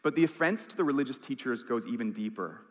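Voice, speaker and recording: A man's voice: mid-range voice, animated, fast, in a large hall. A man preaching a sermon as pastor, earnest and emphatic, acting out quoted lines.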